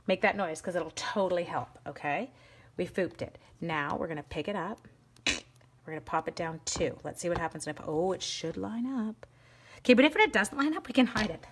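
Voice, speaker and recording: A woman's voice: lowish voice, lively intonation, brisk, husky. A woman demonstrating card stamping live, talking each step through in a chatty, bubbly way and addressing viewers by name. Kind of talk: casual live crafting demo.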